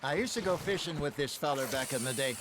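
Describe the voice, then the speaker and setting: A genial older outlaw, played by a man, spinning wry folksy tales in a fairly high, lively voice. The game audio carries loud background noise. He talks like a seasoned storyteller. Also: quick pace, natural voice.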